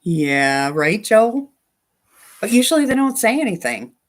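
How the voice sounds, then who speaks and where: A woman's voice: mid-range voice, very animated, measured pace. A woman hosting a casual quilting livestream from her home sewing room, chatting with viewers about their comments and talking to her dog.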